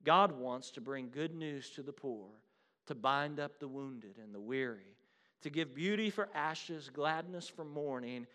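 A man preaching a sermon, swinging between loud declarations and hushed, quiet lines, and calling his listeners "beloved.". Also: medium pitch, clean tone.

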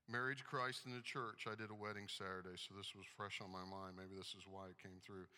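A man's voice: low-pitched, level tone, fairly quick, hardly any pauses, bright, forceful tone. A man preaching a sermon, emphatic as he reads scripture aloud in a church hall. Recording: long hall reverb.

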